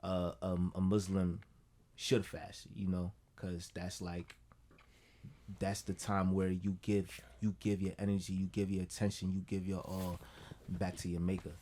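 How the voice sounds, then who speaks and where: Deep-voiced laid-back New man. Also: level tone, measured pace, dark tone. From Brooklyn, New York. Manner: laid-back, rambling, fills with "you know what I'm saying". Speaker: guest musician. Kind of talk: casual podcast chat.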